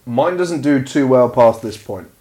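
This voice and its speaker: A man's voice: medium pitch, lively intonation, a little slow, warm tone. A man co-hosting a podcast in casual chat, dry and blunt, swearing offhandedly. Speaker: podcast co-host.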